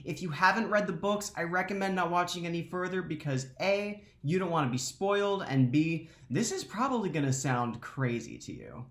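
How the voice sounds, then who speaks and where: A woman's voice: lowish voice, lively intonation, moderate pace, few pauses. An enthusiastic woman hosting a casual, slangy video recap of a fantasy novel. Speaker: book recap host. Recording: roomy echo.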